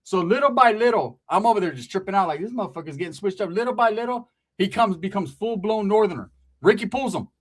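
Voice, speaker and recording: A man from the Merced area of California spinning a crude comic story, his pitch jumping all over. He talks with a slightly high voice and a loose, profane, rambling manner. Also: expressive, fairly quick. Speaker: comedian storyteller.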